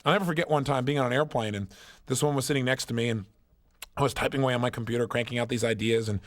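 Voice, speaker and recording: A man's voice: mid-range voice, rapid-fire, a bit bright. A man giving a motivational seminar talk, telling stories emphatically and asking rhetorical questions. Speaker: motivational speaker.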